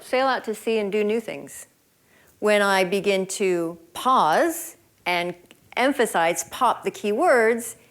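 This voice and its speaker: A woman presentation coach demonstrating delivery at a conference workshop, slow and deliberate, stressing key words. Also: mid-range voice. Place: conference room.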